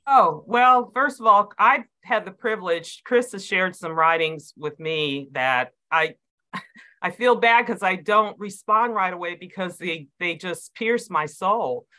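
A woman's voice: on the low side, expressive, unhurried, bright, forceful tone, poor audio. A woman in a prayer group speaking enthusiastically in casual chat, with many fillers.

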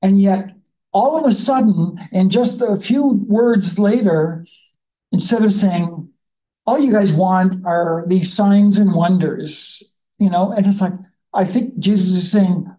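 A Bible study leader in a conversational teaching style, reading scripture slowly and then musing about it in a chatty way. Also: medium pitch, mellow, low-quality recording.

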